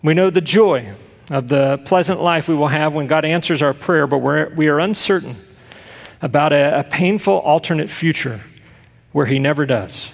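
A middle-aged man, a pastor, preaching earnestly with rhetorical questions and loud bursts of emphasis. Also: on the high side, normal speed, creaky, long reverb tail. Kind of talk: sermon.

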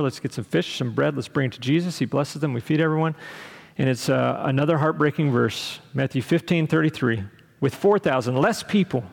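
A man's voice: fairly high pitch, gravelly, long reverb tail. A man from Texas preaching a sermon as pastor, talking conversationally with asides and questions to the congregation.

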